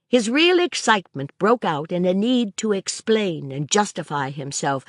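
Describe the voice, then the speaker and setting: A woman narrates a classic novel in a measured, expressive reading. Her voice sits a little low, moves slowly and swings widely in pitch. The recording is dry and close. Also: dry recording. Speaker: audiobook narrator.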